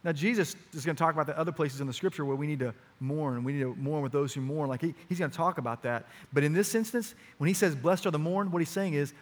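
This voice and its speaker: A middle-aged man preaching to his church in a notably high voice. His delivery is earnest and pressing, climbing to urgent emphasis on his key points. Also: brisk. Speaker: pastor. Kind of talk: sermon.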